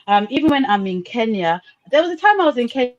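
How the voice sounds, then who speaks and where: A woman's voice: fairly high pitch, fast talker, highs cut off. A woman from Nigeria, talking animatedly in a casual group discussion and repeating her points for emphasis. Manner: animated storyteller, emphatic and repetitive.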